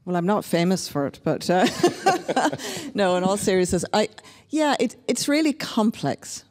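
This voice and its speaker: A woman's voice: medium pitch, big pitch swings, a little slow, darkish tone. A woman from Northern Ireland speaking as a panelist, talking in a reflective, candid and wry way. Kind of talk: panel discussion. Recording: long reverb of a hall.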